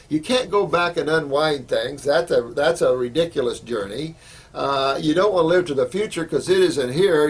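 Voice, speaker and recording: Gravelly, husky man lecturing. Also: fairly high pitch. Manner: emphatic, repetitive, lots of fillers. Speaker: health educator. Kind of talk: informal spoken lecture.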